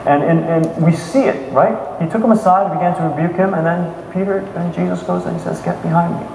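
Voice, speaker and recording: A man preaching a sermon, retelling scripture in an animated way with frequent restarts and filler checks. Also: fairly high pitch, brisk, vocal fry, slight background noise. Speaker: pastor. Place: church sanctuary. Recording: echoey hall with faint ambience.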